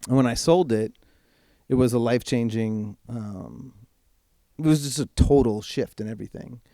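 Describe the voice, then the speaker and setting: A man speaking as a podcast guest, telling a personal story in a frank, casual way and swearing freely, slowing right down when he wants to stress a point. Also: mid-range voice, mellow, no room sound, clean studio sound. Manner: slows right down for emphasis. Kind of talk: candid personal storytelling in conversation.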